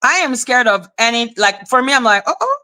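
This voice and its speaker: A former teacher turned livestream host, this woman talks bluntly and swears without pause. Her voice sits a little high and rings bright and sharp. It is casual, animated commentary delivered straight to her audience. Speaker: live commentary channel host.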